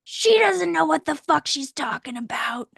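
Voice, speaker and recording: A woman voicing a defiant, angry teenage inner part who shouts and sneers. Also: sits high, very animated, moderate pace, gravelly, no room sound, studio quality, pitched above the performer's own voice, heavily acted. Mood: scornful. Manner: shouting, scornful.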